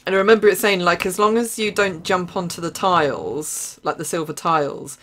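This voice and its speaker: A young woman with an Essex accent streams herself playing a game, keeping up a loose, chatty running commentary. She reacts quickly with sudden exclamations and laughs in between her remarks. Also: on the low side, fairly bright tone. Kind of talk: live gameplay commentary.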